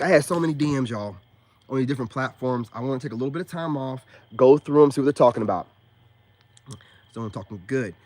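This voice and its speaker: A man in a casual, scolding rant to his viewers, emphatic and slangy, often repeating himself for emphasis. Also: mid-range voice. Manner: slangy, calls listeners man and bro. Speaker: self-styled spiritual dating coach.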